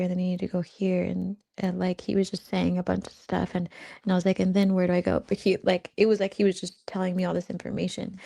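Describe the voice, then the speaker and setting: Woman, gravelly voice, warm dark tone, rambling, giggly, casual spiritual storytelling. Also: mid-range voice. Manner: rambling, giggly, lots of fillers. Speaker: spiritual channel host.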